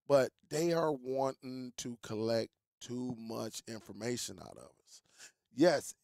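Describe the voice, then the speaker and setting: A man's voice: mid-range voice, creaky, darkish tone. A man in a tech vlog speaks straight to his audience in a mid-range voice, repeating himself for emphasis and calling them y'all. The sound is dry and close, with almost no room echo. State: coughing, throat catching. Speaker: tech YouTuber. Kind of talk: casual vlog commentary.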